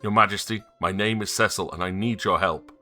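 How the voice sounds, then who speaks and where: A man's voice: lowish voice, steady tone, fairly quick, pushed and bright, faint music behind. A man voicing an earnest young male knight who speaks firmly and directly, reading game dialogue aloud. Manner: firm and direct.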